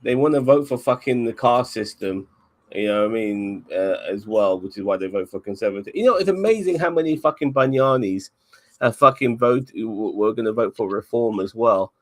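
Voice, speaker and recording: A man's voice: mid-range voice, lively intonation, brisk. A man from England with a London accent, chatting casually and swearing a lot, with stammering restarts. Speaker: cab driver. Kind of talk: casual chat.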